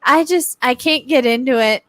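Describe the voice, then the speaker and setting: A woman's voice: high voice, normal speed, fairly bright tone, no echo. A woman co-hosting a casual online show, telling stories in an easygoing way and laughing often. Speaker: co-host. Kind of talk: casual chat.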